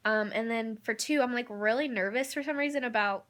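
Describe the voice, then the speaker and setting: A young woman with a fairly high voice records a personal vlog update from a hospital room. She rambles and hesitates, filling her sentences with ums and likes as she talks straight into her phone or camera. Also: a little fast, fairly bright tone. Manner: rambling, candid, filler-heavy with frequent ums and likes. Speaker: vlogger.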